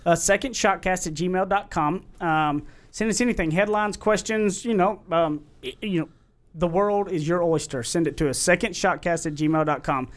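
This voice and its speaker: A man's voice: high-pitched, normal speed. A man hosting a podcast in casual chat, rambling and self-promoting. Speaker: podcast host.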